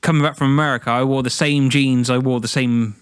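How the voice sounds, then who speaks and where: A podcast guest recounts an anecdote in a plain, matter-of-fact way. His voice sits at an ordinary pitch for a man, and the recording is dry and close. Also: steady tone, a little fast, clear, resonant tone, dry recording. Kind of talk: casual banter.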